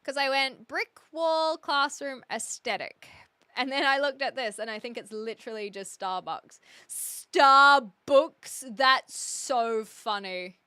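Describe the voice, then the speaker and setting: A young live streamer, female, chats with viewers, reads comments aloud, and talks through her indecision in a gabby way. Her voice sits high at a moderate pace with no echo.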